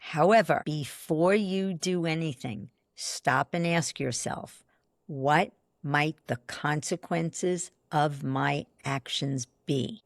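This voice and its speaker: A woman's voice: low-pitched, dry recording, clean studio sound. An older woman guest on a podcast, telling stories emphatically and acting out the dialogue. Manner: emphatic, acts out dialogue, quick asides. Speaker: podcast guest, belief expert. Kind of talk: animated storytelling in conversation.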